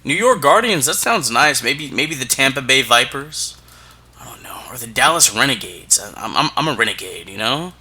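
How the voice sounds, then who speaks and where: A man's voice: medium pitch, expressive, moderate pace, bright, forceful tone, husky. A man co-hosting a casual wrestling podcast, often stumbling and repeating words, with playful hype. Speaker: podcast co-host.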